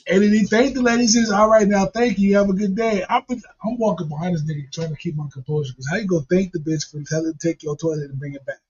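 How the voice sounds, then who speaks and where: A man's voice: a little high, quick pace, few pauses, darkish tone, slightly rough. A man casually telling a profane, funny story and laughing along as he goes. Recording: dull lo-fi recording.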